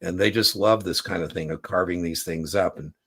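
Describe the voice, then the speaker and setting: A man hosting a casual livestream Q&A as an exam prep coach, chatty and animated, telling stories. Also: deep voice, fairly quick, breathy edge.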